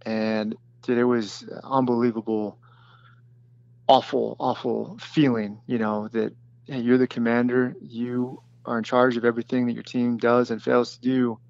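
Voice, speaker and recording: Man slowly recounting a combat story. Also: medium pitch, level tone, gravelly, darkish tone, no echo, lo-fi sound. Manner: plain, halting storytelling with many fillers and restarts. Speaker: former special forces detachment commander.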